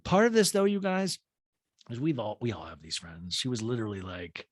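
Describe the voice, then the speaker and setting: A man's voice: mid-range voice, fairly quick, no room sound, studio quality. A man hosting a podcast, recapping a reality show in a casual, mocking way and acting out the quotes. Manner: animated, mocking, acts out quotes. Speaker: podcast host.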